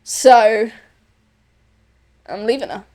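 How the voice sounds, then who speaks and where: A woman's voice: on the high side, extremely slow, mellow. A woman giving casual, blunt gameplay commentary, swearing and reading choices aloud. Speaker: gameplay streamer.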